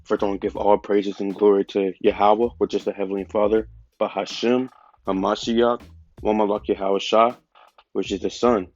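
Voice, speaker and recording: A man's voice: lowish voice, level tone, normal speed, darkish tone, dull audio, faint music behind. A man with a stuffy nose giving an informal religious teaching, talking casually with lots of fillers. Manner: casual, conversational preaching with many fillers. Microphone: phone.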